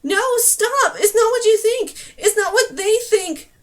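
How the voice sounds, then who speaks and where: A woman reading an earnest, anxious young heroine who apologizes and, when pressed, shouts pleas. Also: high voice, moderate pace, lightly acted. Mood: pleading shout. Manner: apologetic, then pleading shouts.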